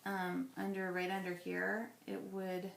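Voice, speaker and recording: A woman in her thirties, chatty and rambling as she thinks aloud while scrapbooking, her voice going a little hoarse. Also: fairly low pitch, monotone, measured pace, roomy sound. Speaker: scrapbooking vlogger. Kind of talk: casual crafting chat.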